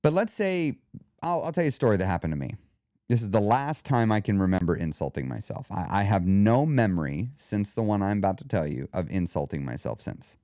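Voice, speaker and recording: Animated man coaching into a dry mic. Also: on the low side, a little fast, no echo. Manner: animated, coaching, talks straight to the listener. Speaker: weight loss coach. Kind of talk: podcast monologue.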